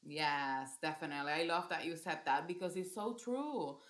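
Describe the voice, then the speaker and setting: A woman's voice: low voice, moderate pace, a bit bright. Earnest woman coach in an echoey room. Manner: earnest, repeats and restarts phrases. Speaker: parent coach. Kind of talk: casual podcast conversation. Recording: roomy echo.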